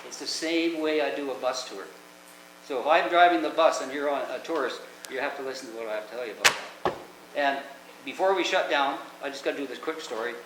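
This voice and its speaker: A man's voice: medium pitch, brisk. An older man, hosting and telling rambling, chatty stories with lots of restarts. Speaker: host. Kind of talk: casual anecdotal storytelling. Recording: echoey room with background noise.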